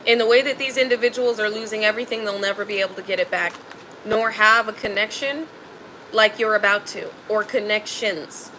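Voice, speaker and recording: Emphatic, bright-voiced woman tarot reader. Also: mid-range voice, fairly even intonation, fairly quick, slight background noise, poor audio. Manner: emphatic, blunt and slangy, swears freely. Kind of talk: spiritual tarot reading.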